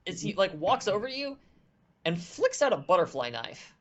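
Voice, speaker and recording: Gm running a horror tabletop game, rambly and casual, mid pitch. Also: big pitch swings, moderate pace, fairly bright tone, dull audio. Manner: loose and chatty, with fillers and restarts. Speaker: game master.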